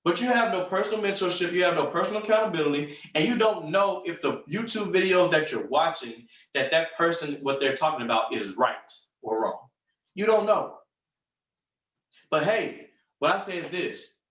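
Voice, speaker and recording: A man's voice: on the high side, lively intonation, moderate pace, a bit bright, recorded from a distance. A man coaching a group call in an upbeat, punchy way, repeating phrases for emphasis. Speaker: sales coach. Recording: roomy, from off the mic.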